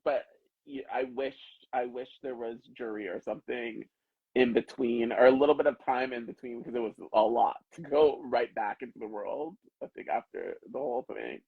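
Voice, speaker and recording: Husky guy with some vocal fry, kinda hesitant, muffled dry audio. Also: mid-range voice, moderate pace, no echo. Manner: hesitant, restarts his sentences. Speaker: former reality show contestant. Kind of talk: casual group chat.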